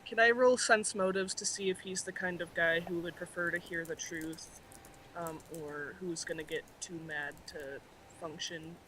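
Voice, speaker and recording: A woman's voice: on the low side, steady tone, moderate pace, a bit bright, a little hiss or hum, poor audio. A woman playing a tabletop game over a voice call, hesitant and restarting often. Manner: hesitant, full of ums and restarts. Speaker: player.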